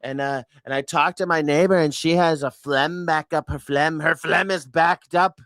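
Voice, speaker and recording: A man doing a senile old braggart who wanders from thought to thought and loops the same words over and over. The voice sits a touch high and comes through smooth and clean in a dry, close sound. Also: steady tone, moderate pace, fairly bright tone, no echo, lightly acted. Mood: rambling. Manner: rambling, repeats himself, drifts off topic. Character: rambling senile old man, boastful and confused.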